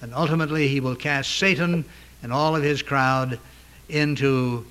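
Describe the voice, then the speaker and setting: A man preaching a sermon as pastor, earnest and emphatic, pausing now and then with hesitations. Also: medium pitch, steady tone, fairly bright tone, clear, resonant tone.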